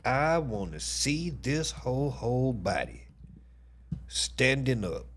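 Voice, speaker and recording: A man hosting a casual livestream commentary, animated and profane, full of exclamations. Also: medium pitch, slow, slight background noise.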